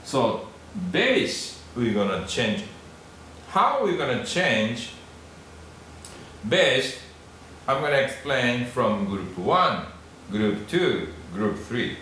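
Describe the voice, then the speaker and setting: Slow-spoken teacher in a very echoey room. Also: male voice, medium pitch, big pitch swings, pushed and bright. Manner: slow, repeats syllables, checks in with "okay?". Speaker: Japanese language teacher. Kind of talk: classroom lesson. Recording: very echoey room with faint noise.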